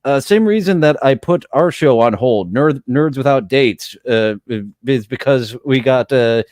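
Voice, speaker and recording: Halting, filler-heavy male podcast guest. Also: mid-range voice, expressive, a little mellow, no echo, studio quality. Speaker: guest streamer. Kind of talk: casual podcast chat.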